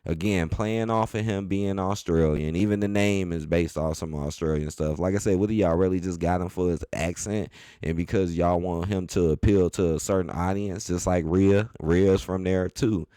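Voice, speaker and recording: A man giving a casual, animated opinion rant as a wrestling commentary host, repeating his points in loose everyday speech. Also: deep voice, normal speed, clear, resonant tone, no room sound, studio quality. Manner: animated, repetitive, colloquial.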